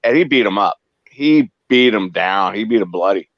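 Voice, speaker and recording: A man's voice: on the low side, animated, normal speed, no echo, dull audio. A man telling stories in casual chat, putting on voices for the people in them. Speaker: guest.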